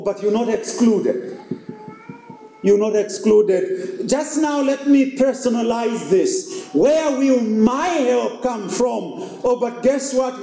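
Slow, high-voiced preacher in an echoey room. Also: male voice, warm tone. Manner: emphatic, repetitive preaching with rhetorical questions. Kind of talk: sermon.

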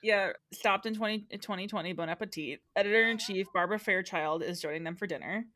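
A woman's voice: mid-range voice, quick pace, sharp tone. A woman recapping a show in casual podcast chat, giggly, with dry jokes.

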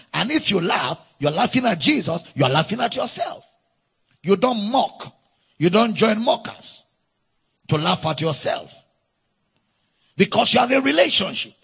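A Nigerian man preaches with a husky, gravelly voice that rises high and swings widely in pitch. He drives his points home emphatically and calls on the congregation to repeat after him, and the sound carries a long echo from a church hall. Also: fairly bright tone. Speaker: pastor. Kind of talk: sermon.

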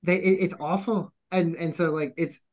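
A man's voice: fairly high pitch, normal speed. A man in his thirties from the United States hosts a podcast in casual chat. He is a former intelligence officer who swears freely and mimics people as he tells stories. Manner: profane, animated, mimics people.

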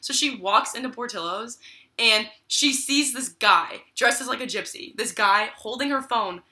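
A young woman tells a story in easy, casual talk. She acts out each person's lines and fills her talk with "like." Her voice is very bright and clear. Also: a little high, normal speed. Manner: lively storyteller, acts out quotes with many "like"s.

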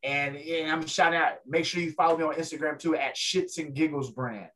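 Man, lively storyteller, chatty guest energy, slightly high voice. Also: a little fast. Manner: animated storyteller, acts out other people's voices. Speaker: guest, ring announcer. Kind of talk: storytelling in a casual interview.

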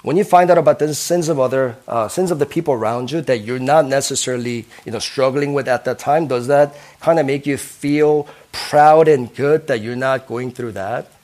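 A man's voice: mid-range voice, normal speed, hardly any pauses, a little mellow. A man preaching a sermon as a pastor, earnest, who keeps asking his listeners questions and ending points with "right?".

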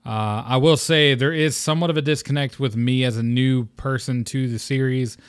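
A man's voice: medium pitch, fairly even intonation, moderate pace, clear, resonant tone, dry recording. Laid-back young man hosting a gaming podcast. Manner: rambling, laid-back, swears casually. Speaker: podcast host. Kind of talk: casual solo gaming podcast.

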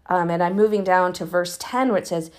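This Bible-reading podcast host talks briskly in a voice on the low side, walking through chapters in a relaxed, conversational manner. Her retelling is chatty and informal, with lots of fillers and restarts. Urging listeners to pray, she rises into earnest, fervent emphasis.

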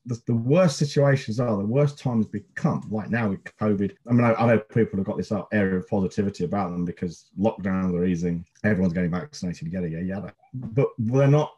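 Man, 50s, podcast host, mellow husky voice, animated pitch, profane rambling chat. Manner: sweary, rambling storyteller.

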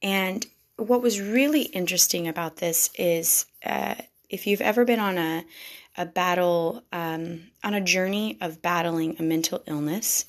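Woman vlogger, lowish voice with vocal fry; earnest, confessional personal storytelling. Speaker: vlogger speaking to wives.

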